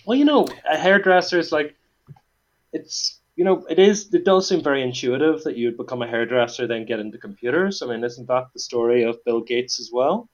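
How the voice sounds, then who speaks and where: A man's voice: mid-range voice, fairly quick. A man with a Northern Irish accent hosting a casual podcast chat, telling a story with dry jokes and plenty of fillers. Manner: dry, joking, many fillers. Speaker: podcast host. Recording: dull lo-fi sound.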